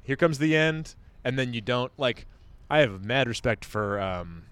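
A man's voice: mid-range voice, expressive, unhurried, fairly bright tone, smooth, no room sound. A man hosting a podcast interview, recapping the guest's story and tossing in joking asides. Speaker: podcast host.

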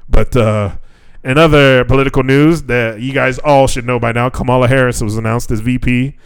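A man co-hosts a casual podcast chat, ranting with lots of profanity and frequent laughter. His medium-pitched voice is clear and resonant, with fairly even intonation at a normal speed, and the recording is dry.

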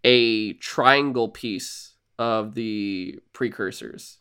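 A man co-hosting a casual podcast, recapping a video game and acting out character lines in quick put-on voices. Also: lowish voice, sharp tone, smooth. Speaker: podcast co-host. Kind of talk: casual chat.

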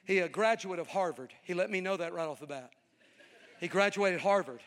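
A male evangelist preaching a sermon with animated, folksy, joking storytelling to a live audience. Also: high voice, brisk. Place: large hall with audience. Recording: reverberant hall.

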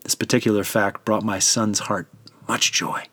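A man's voice: lowish voice, fairly even intonation, pushed and bright, breathy edge, no room sound. A man as solemn, grieving God the Father. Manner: solemn, measured, tender. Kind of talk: dramatic scripture narration.

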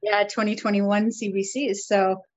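A woman's voice: medium pitch, little pitch movement, unhurried, dry recording, highs cut off. A woman co-hosting a casual book-club podcast as a librarian, chatty and enthusiastic.

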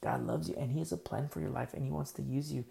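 A man's voice: mid-range voice, quick pace, gravelly, dark tone. A man pastor preaching a sermon in a conversational storytelling way, with many fillers, who acts out the dialogue of Bible scenes.

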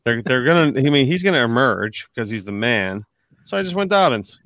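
A man's voice: medium pitch, expressive, a little fast, a bit bright, dry recording. Rambling, swearing man, dry mic. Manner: rambling, restarts, swears freely. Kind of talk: casual fantasy football chat.

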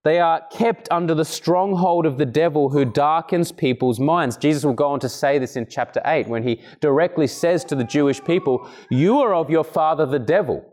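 A man preaching an expository sermon, earnest and emphatic, occasionally clearing his throat between points. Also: normal speed, hardly any pauses, a little mellow. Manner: earnest, emphatic, acts out quoted speakers with raised pitch.

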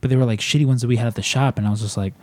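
A man's voice: mid-range voice, fairly even intonation, racing, a little mellow, no echo. A man hosting a podcast in casual chat, rambling and swearing freely into a podcast mic. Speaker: podcast host and editor. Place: room in a house. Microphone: podcast microphone.

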